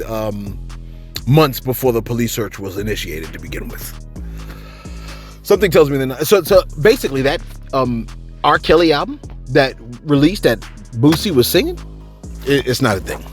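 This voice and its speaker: A man doing casual, comedic celebrity gossip commentary, rambling and animated, with faint music behind. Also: mid-range voice. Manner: animated, rambling, keeps saying "you know what I'm saying".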